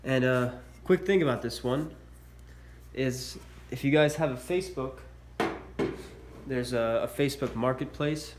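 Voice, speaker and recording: Clogged up from a cold, a man takes his time in a mid-range voice, unhurried, as he casually displays military collectibles. His speech is tentative and peppered with uhs, in the style of a show-and-tell vlog. The room sounds echoey, with faint noise behind him.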